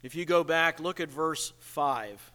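A male pastor preaching a sermon in a church, slow and emphatic, asking rhetorical questions. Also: a little high, pushed and bright, long reverb tail.

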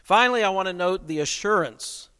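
A man's voice: high voice, lively intonation, a little fast, pushed and bright, clear, resonant tone. Emphatic male preacher in a hall. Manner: emphatic, rhetorical questions. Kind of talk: sermon. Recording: long reverb of a hall.

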